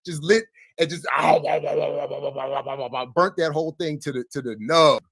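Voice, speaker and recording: A man's voice: a little high, fairly even intonation, fairly quick, gravelly, fairly bright tone, dry recording. Laid-back man telling a story, dry sound. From United States. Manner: storytelling, stammering restarts, laughs through lines. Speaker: co-host. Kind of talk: casual chat.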